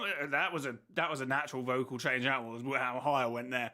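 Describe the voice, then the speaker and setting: A man's voice: mid-range voice, steady tone, fast talker, bright, forceful tone. A man hosting a casual reaction stream, rambling and second-guessing himself as he thinks aloud. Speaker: host reacting to a video.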